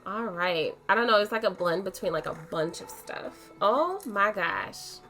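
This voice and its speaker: Give me an excitable woman narrating her gameplay casually, with faint background music. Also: medium pitch, unhurried. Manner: chatty, excitable, many "okay"s. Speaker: let's play host. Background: soft game music.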